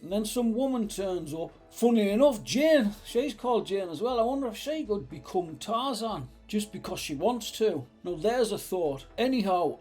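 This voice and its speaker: A man's voice: sits high, a little mellow. A man ranting as a vlogger, sarcastic, exasperated and swearing freely. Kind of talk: ranting commentary.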